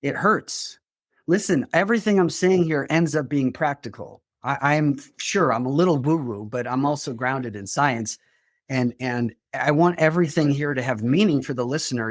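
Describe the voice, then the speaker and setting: A man's voice: medium pitch, moderate pace, no echo, studio quality. A man, a therapist and grief coach, explaining his work as an interview guest in an earnest way, with small restarts.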